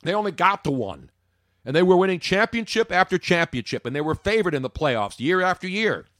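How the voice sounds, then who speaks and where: A man talks sports with an emphatic, opinionated delivery, tossing out rhetorical questions and jokey asides. His pitch sits a little high and swings widely. The sound is dry and close. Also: sing-song, brisk, fairly bright tone, dry recording. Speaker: sports talk host.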